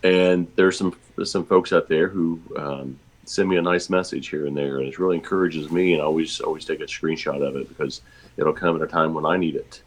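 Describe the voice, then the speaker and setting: A man chatting casually as a regular guest, talking in a halting, self-deprecating way. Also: rumbling low, fairly even intonation. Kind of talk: casual chat.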